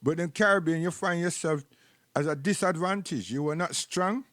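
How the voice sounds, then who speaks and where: A man's voice: fairly high pitch, moderate pace, fairly bright tone, dry recording. Preachy Jamaican man, dry close sound. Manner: preachy, repeats words while searching. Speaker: live stream host. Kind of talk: rambling live-stream commentary.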